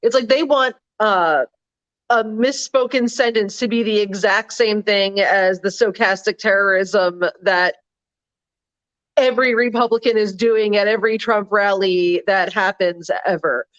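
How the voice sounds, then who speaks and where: A woman's voice: mid-range voice, unhurried, fairly bright tone, no echo, highs cut off. A woman co-hosting a casual political chat, sarcastic and prone to trailing off and restarting sentences. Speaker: political blog writer and co-host.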